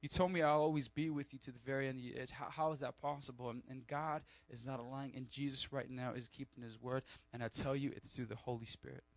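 A man preaching a sermon, animated with joking asides and loud emphatic peaks. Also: medium pitch, quick pace, gravelly, few pauses, dry recording. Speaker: pastor.

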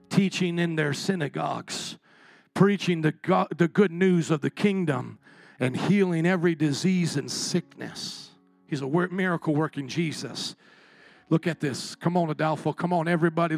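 A man preaching a sermon as pastor, impassioned, swinging from quiet and tender to shouting. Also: on the high side, normal speed, vocal fry, no echo, soft background music.

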